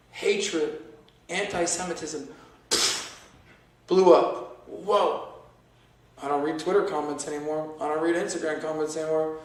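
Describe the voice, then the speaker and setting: An American man, a podcast guest with a slightly high voice, tells stories in a conversational interview, animated and acting out the dialogue he remembers. The room is very echoey and he sits away from the mic, so he sounds distant.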